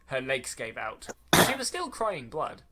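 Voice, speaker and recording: A man's voice: mid-range voice, wildly swooping pitch, unhurried, very noisy. A man hosting a podcast, reading a horror story aloud, tripping over clumsy sentences and rereading them with sarcastic asides. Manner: stumbling over lines and rereading them mockingly.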